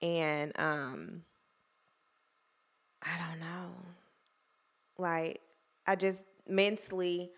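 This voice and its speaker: A woman's voice: fairly low pitch, drawn-out words, pauses often. A young woman chatting candidly to camera, emotional and full of fillers. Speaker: vlogger. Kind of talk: casual chat to camera.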